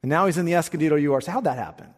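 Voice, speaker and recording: Male pastor preaching, kinda high voice, repeats himself for emphasis, long echo like a big church. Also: very fast, breathy edge. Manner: emphatic preaching, repeats words when pressing a point. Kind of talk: sermon. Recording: long hall reverb.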